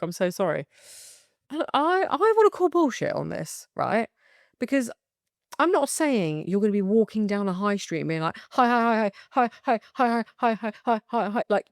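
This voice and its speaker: A young woman with a British accent hosting a candid solo podcast, swearing freely and talking in an animated way with bursts of laughter. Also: medium pitch, no room sound, studio quality. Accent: British English. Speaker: podcast host.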